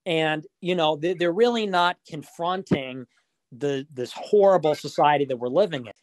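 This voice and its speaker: A man's voice: a little high, moderate pace, dry recording. A man hosting a casual podcast chat, rambling and profane, with frequent fillers and mocking asides.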